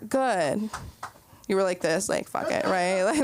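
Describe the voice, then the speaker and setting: A young woman doing a rambling stand-up set, telling stories full of "like" and quick asides. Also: medium pitch, lively intonation, a little hiss or hum. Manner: rambling, breathless storytelling with lots of "like". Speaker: stand-up comedian.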